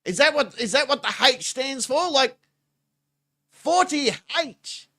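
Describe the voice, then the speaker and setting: A man's voice: extremely high pitch, moderate pace, bright, forceful tone. A man, giving crude, mocking reaction commentary and laughing often. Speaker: reaction channel host.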